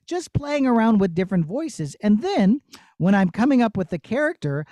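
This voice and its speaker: Playful puppeteer man, mellow dry voice. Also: high voice, moderate pace, dry recording, lo-fi sound. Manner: animated, storytelling tone with silly asides. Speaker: puppeteer answering student questions. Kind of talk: playful Q&A for children. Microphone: video call.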